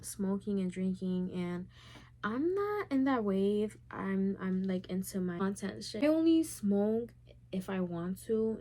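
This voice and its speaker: A woman's voice: mid-range voice, darkish tone. A young woman of Puerto Rican heritage answering viewer questions in a casual, candid vlog, talking freely and filling her sentences with "like". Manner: candid and chatty, heavy use of "like". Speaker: YouTuber.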